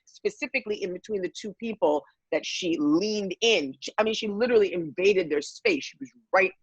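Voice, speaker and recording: A woman guest telling a lively personal story, acting out quotes from the people in it. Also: mid-range voice, brisk, slightly rough, no echo, poor audio. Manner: lively, acts out quotes, many fillers.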